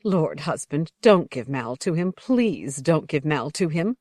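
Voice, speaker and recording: A woman reading the part of a soft-voiced, pleading young woman dancer. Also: sits low, very animated, a little slow, no room sound, studio quality, exaggerated voice.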